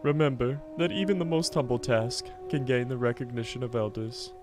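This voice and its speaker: A man's voice: mid-range voice, steady tone, fairly quick, natural voice. A man voicing an elderly female tauren matriarch, reading quest text aloud in a put-on granny voice. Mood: gentle, proud. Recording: game music underneath.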